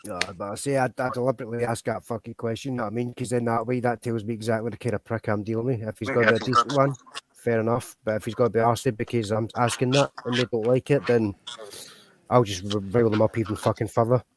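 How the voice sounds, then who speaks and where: Fast-talking sweary Glasgow man. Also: mid-range voice, steady tone, a little hiss or hum. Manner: blunt and heavily sweary. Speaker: guest on live call-in stream. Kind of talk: casual chat.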